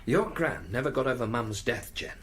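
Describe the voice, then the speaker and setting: An actor playing a gentle, worried middle-aged father. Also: mid-range voice, lively intonation, normal speed, a little hiss or hum, lightly acted. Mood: coaxing. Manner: soft, coaxing. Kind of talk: audio drama acting.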